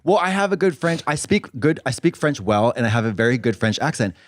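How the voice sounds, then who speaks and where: A man co-hosting a podcast in casual chat, throwing in quick quips and interjections. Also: mid-range voice, big pitch swings, dry recording, studio quality. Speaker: podcast co-host.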